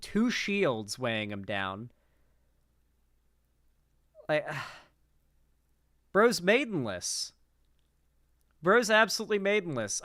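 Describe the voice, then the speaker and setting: A man riffs through casual political reaction commentary, swearing freely and wandering off mid-thought. His voice sits a bit high and comes across smooth and crisp, recorded close and dry. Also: fairly bright tone, dry recording. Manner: profane, rambling, incredulous.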